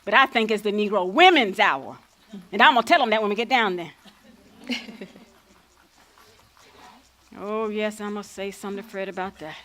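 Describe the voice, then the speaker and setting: A woman acting out a proud old freedom fighter in a stage play. She spins folksy tales with a sly, playful edge and doesn't back down an inch. Her pitch sits mid-range for a woman. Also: animated, fast, a bit bright, a little hiss or hum, natural voice. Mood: earnest. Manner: folksy vernacular storytelling, playful and defiant. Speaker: lead actor.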